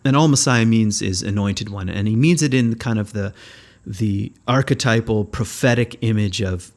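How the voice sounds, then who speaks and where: Podcast host, male, lowish voice, thoughtful conversational spiritual teacher who pauses to find his words. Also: a little mellow. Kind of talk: reflective spiritual teaching talk.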